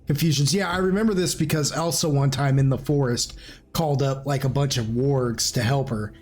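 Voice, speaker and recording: A man with a mid-range voice runs a tabletop game as game master, speaking fairly quickly. He's animated, telling stories in a loose, rambling way and laughing often.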